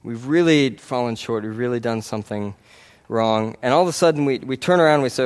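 A smooth, mid-range male voice moves fairly quickly with few pauses through a sermon. He preaches earnestly and conversationally, frequently asking the congregation "right?" and restarting sentences.

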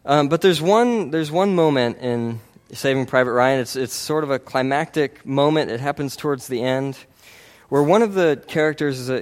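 A man preaching a sermon in an earnest, conversational way, often checking in with the congregation. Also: medium pitch. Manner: earnest, conversational, frequent "right?" tags and restarts.

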